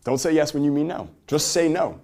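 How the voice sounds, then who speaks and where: A man giving an energetic seminar talk to a live audience, firing rhetorical questions and swinging between loud emphasis and quiet asides. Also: on the high side, fairly quick, gravelly.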